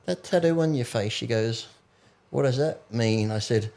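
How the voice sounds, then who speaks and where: A man's voice: medium pitch, moderate pace, creaky, darkish tone. A man as a podcast guest, chatting casually and telling stories with heavy swearing and acted-out quotes. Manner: swears freely, acts out quotes while storytelling. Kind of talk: casual chat.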